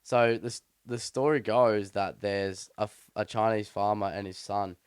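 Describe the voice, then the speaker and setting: Fairly low in pitch with fairly even intonation, this young podcast co-host speaks at normal speed in a smooth voice. It's a dry, studio-quality recording of casual chat, where he tells a rambling, slangy story with many restarts.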